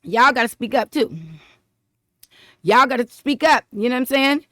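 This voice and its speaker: A woman talks straight to camera in a loose, rambling commentary vlog. Her voice sits a bit high, and she circles back over the same phrases and laughs along the way. The sound is dry and close, with no room echo. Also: normal speed. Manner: rambling and animated, repeats herself, laughs often. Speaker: vlogger. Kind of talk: casual political commentary vlog.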